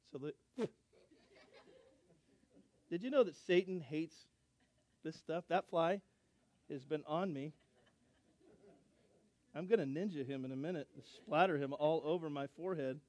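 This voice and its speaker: A middle-aged man, a pastor, telling a story in a sermon with animated, self-deprecating humor and acted-out dialogue. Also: on the high side, unhurried, pauses often, no room sound.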